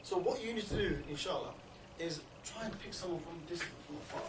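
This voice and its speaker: A man giving an informal training talk to a group, chatty and often checking in with "you know" and "yeah?". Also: fairly quick. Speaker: street outreach trainer. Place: indoor meeting room. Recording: low-quality recording, distant mic in an echoey room with background noise.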